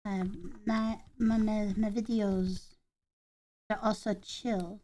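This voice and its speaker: A woman chatting casually while assembling a craft kit, deadpan and ironic, claiming to be calm before bursts of swearing. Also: mid-range voice, slow pace. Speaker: vlogger building a craft kit.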